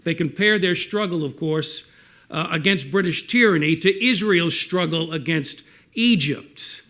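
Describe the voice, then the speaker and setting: Brooklyn guy, forties, kinda high voice, chatty public talk with little jokes thrown in. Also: a little slow, fairly bright tone. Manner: casual, joking asides. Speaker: respondent.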